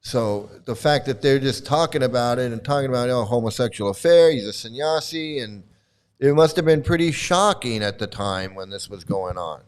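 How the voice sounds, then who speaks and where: A man's voice: mid-range voice, animated, normal speed, clear, resonant tone. An older man giving casual, blunt commentary, rambling with frequent restarts and swearing freely.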